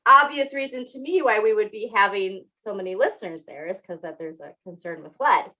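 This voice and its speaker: Bright-voiced chatty woman podcast host. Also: mid-range voice, fairly quick, low-quality recording. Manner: chatty, laughs often, self-teasing. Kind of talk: casual chat.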